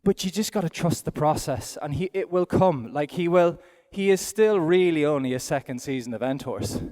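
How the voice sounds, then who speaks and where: A man's voice: on the high side, lively intonation, moderate pace, a little mellow. A middle-aged man with an Irish accent gives live demonstration commentary as an event rider, chatting aloud in a self-deprecating way while he rides. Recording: long hall reverb from an arena.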